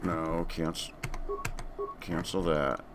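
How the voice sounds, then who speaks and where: A man's voice: low voice, fairly even intonation, slow pace, heavy background noise. A man casually commenting as he streams a video game from home, laid-back and chatty, talking to himself.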